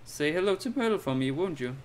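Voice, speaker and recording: A man's voice: a little high, animated, fast talker, a little hiss or hum, pitched above the performer's own voice, lightly acted. A man doing a gossipy old neighbor lady. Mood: gossiping. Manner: chattering, sighing, calls everyone dear. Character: gossipy old woman neighbor, fussy and kindly. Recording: game music behind the voice.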